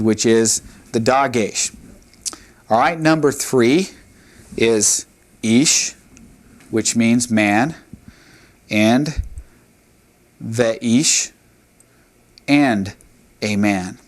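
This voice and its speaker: A man's voice: mid-range voice, very slow, pauses often. Patient man teaching a recorded lesson. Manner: patient, methodical, with frequent "uh" and "all right". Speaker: Bible language teacher.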